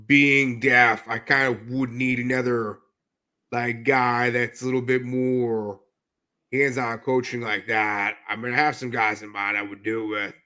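A man talking as a guest in a casual podcast interview, telling animated stories and often laughing as he goes. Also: medium pitch, a little slow. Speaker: podcast guest, jiu-jitsu brown belt.

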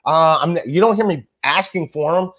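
A man's voice: on the high side, normal speed, highs cut off. A man hosting a casual podcast chat, rambling and stammering as he talks. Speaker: podcast host.

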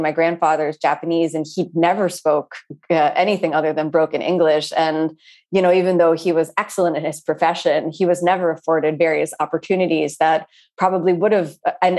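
A woman yoga teacher speaking in an interview, earnest and searching, with frequent pauses and restarts. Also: sits low, a little mellow. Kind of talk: reflective interview talk.

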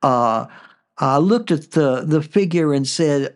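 A man hosting a podcast, narrating a personal story in a relaxed way with frequent fillers. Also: a little high, takes it slowly. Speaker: podcast host.

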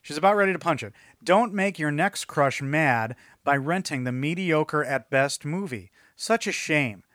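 A man's voice: fairly high pitch, lively intonation, unhurried, few pauses, a bit bright, no echo. Man mock-reading reviews, dry close mic. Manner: mocking, breaks into laughter mid-read. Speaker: podcast co-host. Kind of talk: reading out reviews in a casual chat.

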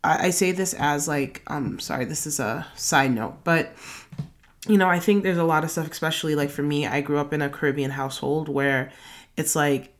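A woman's voice: low-pitched, normal speed. A young woman hosting a podcast, reading her blog post of self-help tips aloud and drifting into loose casual asides. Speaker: podcast host.

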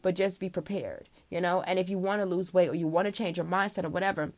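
A woman's voice: on the low side, steady tone, fast talker, a little mellow. A woman giving frank, casual advice straight to the listener, calling them girl, swearing freely and filling her talk with okay and you know. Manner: chatty, full of fillers like okay and you know. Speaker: vlogger giving life advice.

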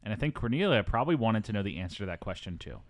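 A man's voice: fairly low pitch, very animated, racing, no room sound. A man hosting a casual movie podcast, chatty with frequent ums and asides. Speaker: podcast host.

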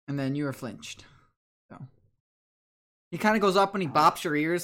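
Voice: mid-range voice, normal speed, long pauses, bright, forceful tone. Chatty tabletop game master. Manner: casual, chatty, filler-heavy.

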